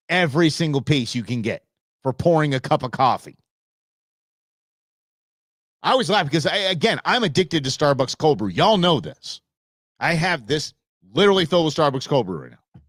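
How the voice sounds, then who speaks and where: A man hosting his own show, giving blunt, animated opinion commentary from Arizona. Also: a little high, moderate pace, long pauses, dry recording, clean studio sound. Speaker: show host.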